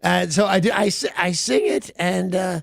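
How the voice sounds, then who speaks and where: Male radio host, wry self-mocking storyteller, a bit high and gravelly, dry booth. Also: moderate pace, no echo. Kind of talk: casual morning radio chat.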